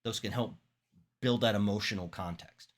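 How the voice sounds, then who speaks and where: A man teaching public speaking in an instructional talk, demonstrating vocal techniques with expressive examples. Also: on the low side, normal speed. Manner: demonstrates voices, animated and expressive.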